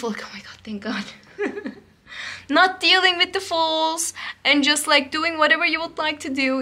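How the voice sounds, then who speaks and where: A woman giving a casual, excitable coffee cup reading to her viewers, talking loosely with many fillers and keeps checking in with "okay?". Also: high-pitched. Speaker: coffee cup and tarot reader.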